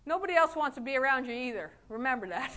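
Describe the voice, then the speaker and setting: A middle-aged woman with a high voice gives a motivational speech to fellow chiropractors. She talks in a folksy, lively way, laughing often and acting out what people said to her. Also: fast. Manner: folksy, animated, laughs often, acts out quotes. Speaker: chiropractor giving a talk.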